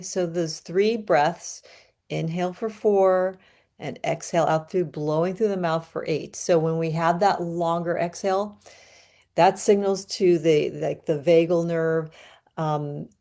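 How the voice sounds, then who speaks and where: Woman, astrology reader; low voice, slow unhurried calm delivery. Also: creaky. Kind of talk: guided breathing and astrology talk.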